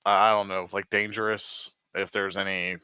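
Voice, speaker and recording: A man's voice: sits low, little pitch movement, normal speed, pushed and bright, clear, resonant tone, no room sound. A man playing a tabletop game, joking around and hesitating with many restarts. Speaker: player. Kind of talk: casual tabletop play.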